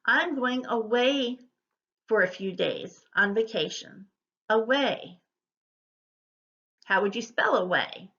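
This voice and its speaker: Woman teacher, very slow and deliberate, bright tone, dull lo-fi recording. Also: on the high side. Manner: slow, deliberate modeling of sounds. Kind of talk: recorded phonics lesson.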